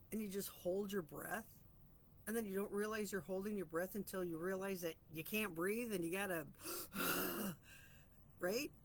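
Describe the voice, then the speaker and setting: Woman, casual self-help musing, earnest and chatty, medium-pitched voice, faint background noise. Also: fairly bright tone. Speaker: host of a weekly reflection vlog.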